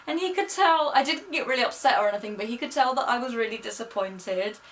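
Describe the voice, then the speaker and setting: A woman's voice: on the high side, brisk. Chatty young woman vlogging. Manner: chatty, gushing, quotes people in her own voice. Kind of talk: casual storytelling vlog. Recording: distant mic with faint noise.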